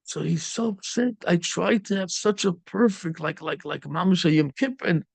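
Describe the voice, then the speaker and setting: A man, a rabbi, telling a story in a sermon, lively and full of Yiddish and Hebrew words. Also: sits high, normal speed, vocal fry, no room sound.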